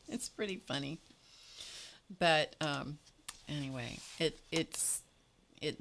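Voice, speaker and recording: A woman's voice: deep voice, a bit bright, a little hiss or hum. A woman hosting an art livestream, chatting casually in a rambling, storytelling way with small laughs as she paints. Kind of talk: casual chat while painting.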